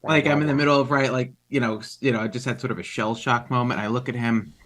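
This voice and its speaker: Bright-voiced rambling man playing a game. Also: mid-range voice, steady tone, fast talker. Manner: loose, rambling, many fillers. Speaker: player. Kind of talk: casual tabletop role-play.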